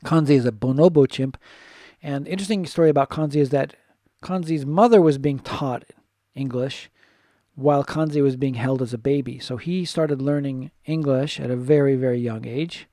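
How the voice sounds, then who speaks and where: A man's voice: medium pitch, moderate pace, dark tone, no echo, studio quality. A man teaching a casual recorded lesson, thinking aloud and correcting himself as he goes. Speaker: English teacher.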